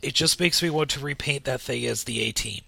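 A man's voice: mid-range voice, brisk, sharp tone, dry recording. A man co-hosting a casual podcast while sick with a cold, his voice congested and drowsy from cold medicine, talking in a laid-back way. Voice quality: gravelly, congested. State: has a cold, groggy from cold medicine. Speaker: podcast co-host. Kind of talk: casual chat.

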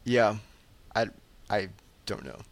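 A man's voice: fairly low pitch, animated, slow pace, vocal fry, dry recording. A man co-hosting a casual podcast, talking in a jokey manner and laughing often. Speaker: podcast co-host. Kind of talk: casual chat.

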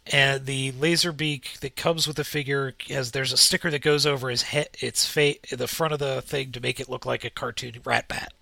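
A man with a cold talks in a gravelly, congested voice, drowsy and laid-back, on a casual podcast. His tone is bright and edgy despite the fatigue. The recording is dry and close. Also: medium pitch, fairly even intonation, moderate pace, hardly any pauses, no echo. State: has a cold, groggy from cold medicine. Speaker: podcast co-host. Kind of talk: casual chat.

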